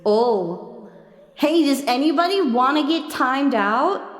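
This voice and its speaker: A woman streamer chatting casually on a live stream, playful and teasing, laughing often and breaking into sing-song and shouty squeals, on a boom mic. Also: expressive, slow.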